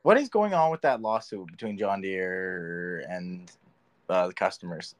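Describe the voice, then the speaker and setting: A man's voice: low-pitched, unhurried, no room sound. A man hosting a casual podcast who makes frustrated, agreeing remarks. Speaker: podcast host.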